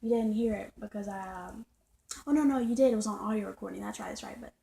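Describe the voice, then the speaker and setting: A woman's voice: fairly high pitch, brisk, creaky, dark tone, rough recording. A woman vlogging in a casual, emphatic monologue, repeating and circling back over her points. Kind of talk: casual ranting monologue to viewers.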